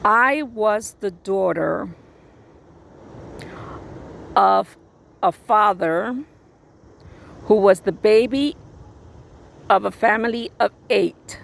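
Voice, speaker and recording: A woman telling a personal story in a blunt, sassy, animated way. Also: medium pitch, extremely slow, vocal fry, pauses often, slight background noise. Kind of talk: casual storytelling.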